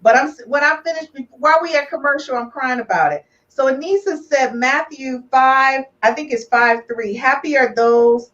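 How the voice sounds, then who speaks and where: A woman hosts a live relationship podcast in casual chat, preaching emphatically and repeating "do you hear me" and "I'm gonna tell you right now." Her voice sits high and fairly bright at a normal speed with hardly any pauses. The sound is distant and slightly muffled.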